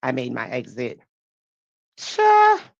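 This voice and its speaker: A woman reading a memoir aloud on a livestream. She breaks off for animated, blunt asides and laughs. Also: sits low, a little slow, no echo, lo-fi sound. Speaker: livestream book reader. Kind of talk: live reading with commentary.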